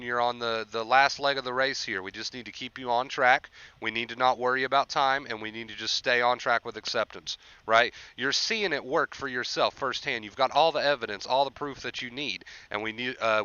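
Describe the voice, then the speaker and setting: A man's voice: medium pitch, bright, forceful tone, clean tone, no room sound, dull audio. A young man hosting a casual livestream, encouraging viewers about anxiety recovery and reading chat aloud.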